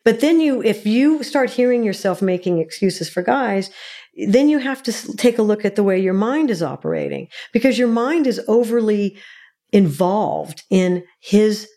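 A woman's voice: medium pitch, expressive, moderate pace, dark tone. A middle-aged woman, a guest expert, explaining in an interview in an earnest, teacherly way, laying out her points one by one.

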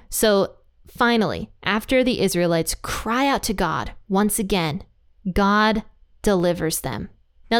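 A woman hosting her own channel talks through a Bible passage in a relaxed, chatty way and weaves in her own life. Her voice is smooth and clear, sitting at an ordinary middle pitch for a woman. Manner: conversational, personal and chatty. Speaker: Bible teacher. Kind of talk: casual Bible study talk.

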